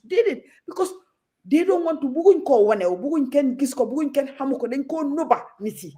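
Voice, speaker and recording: A woman's voice: high voice, lively intonation, brisk, dark tone. A Gambian woman talking as a guest on a talk show, outspoken and passionate, moving freely between Wolof and English.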